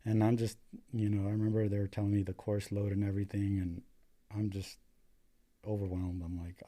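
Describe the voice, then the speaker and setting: Speaking briskly in a lowish, warm voice with a level tone, a young American paramedic shares his story as a guest. He's casual and foul-mouthed, his speech crowded with fillers, "like," and frequent "dude."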